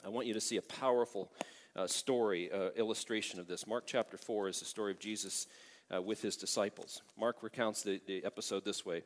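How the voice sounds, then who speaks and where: A middle-aged man preaching a sermon as a pastor, animated and emphatic, often asking the congregation for an amen. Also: fairly low pitch, a little fast. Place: large church sanctuary. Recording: long hall reverb.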